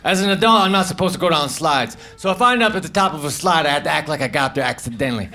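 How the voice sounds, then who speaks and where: A man doing a stand-up comedy set on a club stage, delivering deadpan, offhand one-liners into a handheld mic. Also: rapid-fire, gravelly, few pauses. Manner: deadpan, offhand one-liners, drifts into low muttered asides. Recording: live club recording with audience noise. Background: audience laughter.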